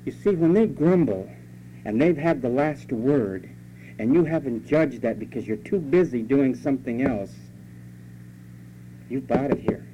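A man's voice: mid-range voice, expressive, measured pace, mellow. A pastor preaching a sermon, scolding his congregation in a conversational way and mimicking their complaints. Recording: dull lo-fi recording with faint hum.

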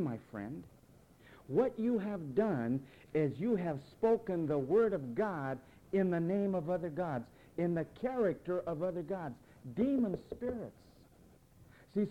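A man preaching a sermon emphatically, with rhetorical questions and big swings between loud and soft. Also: a little high, highs cut off.

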